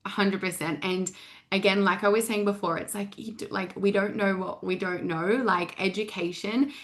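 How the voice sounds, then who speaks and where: A woman's voice: medium pitch, fairly even intonation, normal speed. A young woman hosting a podcast interview, chatty and full of fillers, laughing easily and swearing casually. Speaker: podcast host and weight loss coach.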